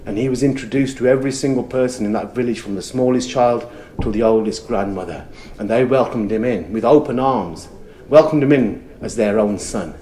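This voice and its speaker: A man storyteller telling a folk tale to a camera, building rhythm through repeated phrases and dropping to soft murmurs. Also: medium pitch, brisk, slight background noise.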